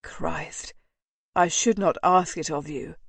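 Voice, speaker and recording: Tender gentleman marquis, hushed and intimate, voiced by a woman narrator; unhurried, dry sound. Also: fairly even intonation, gravelly, no echo, exaggerated voice. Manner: low, murmuring, intimate. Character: tender, ardent gentleman marquis, soft-spoken.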